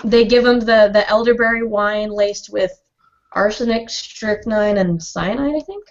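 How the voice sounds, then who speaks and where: A woman's voice: mid-range voice, a little slow. A woman in casual group chat, blunt and bawdy in her joking. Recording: dull lo-fi audio.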